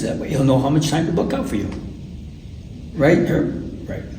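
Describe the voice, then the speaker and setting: An older man, a retired doctor, telling lively anecdotes in an oral history interview and acting out the people he quotes. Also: on the high side, takes it slowly, pauses often. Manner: animated anecdotes, acts out voices in quotes. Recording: echoey room, mic at a distance, faint noise.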